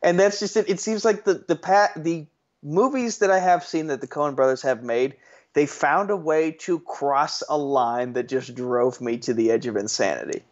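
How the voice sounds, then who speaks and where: A man co-hosting a casual podcast chat, airing strong opinions in an animated way and tripping over restarts. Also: on the high side, moderate pace, highs cut off. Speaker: podcast co-host.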